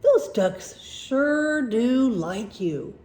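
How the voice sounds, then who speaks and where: Nervous, eager schoolboy, voiced by a woman reading; mellow, unhurried. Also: on the high side, very animated, heavily acted. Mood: polite. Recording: roomy echo.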